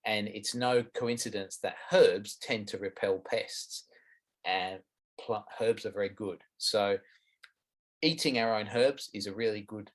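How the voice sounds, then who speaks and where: A man's voice: on the low side, a little slow. A middle-aged Australian man answering interview questions about gardening, frank and explanatory. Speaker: guest gardening expert.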